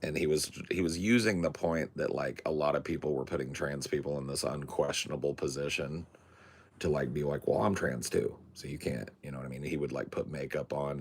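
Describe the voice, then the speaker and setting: A man's voice: rumbling low, husky. A man hosting a podcast, telling stories in a laid-back, profane way and laughing often. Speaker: podcast host. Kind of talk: casual storytelling chat.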